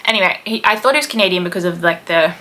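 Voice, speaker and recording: A woman's voice: fairly low pitch, very fast, pushed and bright. A woman in her thirties with an Australian accent, telling a travel story in casual chat, rambling with lots of fillers. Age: 30s. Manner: chatty and rambling, with many "like" and "um" fillers. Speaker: podcast host, history teacher.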